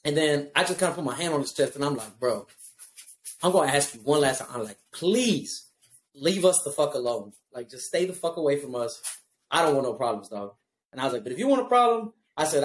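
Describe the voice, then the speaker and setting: A young adult man, host of a casual chat, telling a profane, animated story with lots of fillers. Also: on the high side, echoey room. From Houston, Texas.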